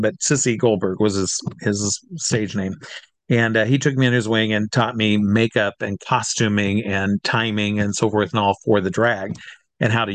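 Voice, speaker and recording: A man's voice: on the low side, dry recording. Rambling man telling his showbiz story. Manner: rambling and halting, hesitating before names and details; tacks "and all" onto the end of sentences. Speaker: drag comedian and variety entertainer. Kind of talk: casual interview storytelling.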